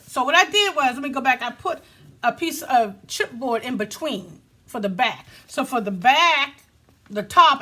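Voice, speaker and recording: A woman's voice: fairly high pitch, bright, forceful tone. A woman hosting a casual crafting tutorial, chatty and self-laughing, talking straight to her viewers. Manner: chatty, laughs at herself, talks to viewers as y'all. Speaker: crafting video host.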